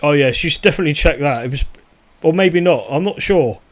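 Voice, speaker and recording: A man chatting casually to viewers during a live game stream, relaxed and a little hesitant, with frequent pauses as he plays. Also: on the high side. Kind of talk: live gaming stream chat.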